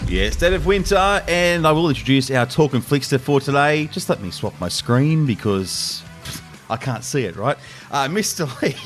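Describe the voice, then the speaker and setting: A man hosting a film podcast in loose, rambling chat, laughing often. His voice moves around a lot in pitch, with faint music under it. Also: animated, moderate pace. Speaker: podcast host.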